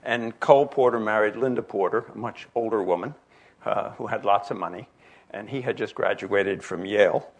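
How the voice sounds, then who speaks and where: Gravelly-voiced older man telling anecdotes. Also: fairly low pitch, normal speed. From New Jersey. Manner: rambling, anecdotal, many fillers and restarts. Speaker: jewelry expert giving a lecture. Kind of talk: illustrated lecture with slides.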